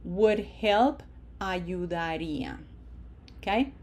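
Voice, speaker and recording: A woman teaching a language lesson, stretching out example words slowly and talking in a patient, explaining way. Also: lowish voice, a little mellow. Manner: slow, drawn-out modeling of words, then quick asides.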